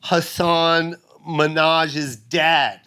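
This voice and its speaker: A man's voice: fairly high pitch, fairly even intonation, very slow, sharp tone, clear, resonant tone. A man in his fifties, a comedian telling stories on a podcast in a profane, emphatic way. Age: 50s. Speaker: guest comedian. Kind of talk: casual podcast storytelling.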